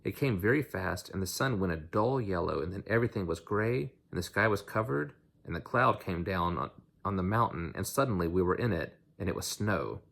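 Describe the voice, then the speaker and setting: A man's voice: deep voice, lively intonation, brisk, gravelly, a bit bright. A man reading a novel aloud in an unpolished way, with slips and restarts. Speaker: audiobook reader.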